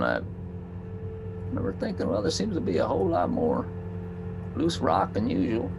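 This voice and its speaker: A man playing a gravelly coal miner. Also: on the low side, full character voice. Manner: folksy storytelling drawl. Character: aging male coal miner, a worn, wry father. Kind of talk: stage play monologue. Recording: noisy background.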